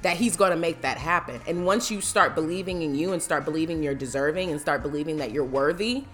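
A woman's voice: low voice, brisk, fairly bright tone, soft background music. A woman giving a casual motivational talk about faith, emphatic and preachy, acting out the voices she quotes. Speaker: motivational speaker.

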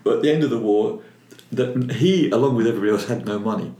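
A man's voice: fairly low pitch, fast. An older man from London with a Cockney accent, a filmmaker telling stories as an interview guest. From London, England. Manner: animated storyteller, repeats words when starting. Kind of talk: casual interview chat. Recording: roomy echo.

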